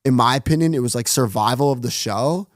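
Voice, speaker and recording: Guesting on a podcast, a man who hosts his own online show tells stories casually and fast, voicing the quoted lines and saying "like" constantly. His voice is medium-pitched, recorded in studio quality with no echo.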